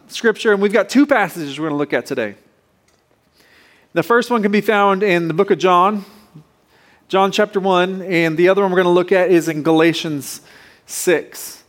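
A man's voice: on the high side, a bit bright. A man in his thirties preaching a sermon, casual and playful, with joking asides to the congregation. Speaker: pastor.

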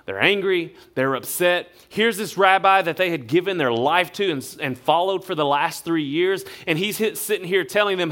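A male pastor, preaching a sermon in a relaxed, conversational storytelling way. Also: high-pitched, moderate pace, hardly any pauses. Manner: conversational storytelling, acts out quotes.

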